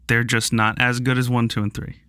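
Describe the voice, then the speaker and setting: A man co-hosting a casual podcast chat, ranting in a profane and animated way. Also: medium pitch, a little fast, clean tone, dry recording, studio quality. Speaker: podcast co-host.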